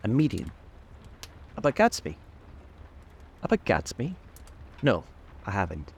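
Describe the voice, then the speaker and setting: A man reading the part of a brash, arrogant rich man who speaks roughly and with contempt. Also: on the low side, huge pitch swings, measured pace, slight background noise, full character voice. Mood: brusque.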